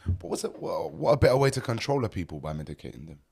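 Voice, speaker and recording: A man's voice: low voice, big pitch swings, quick pace, darkish tone. A man in his thirties from North London with a London accent, a podcast guest speaking emphatically and casually, peppering his talk with street slang. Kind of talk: casual conversation.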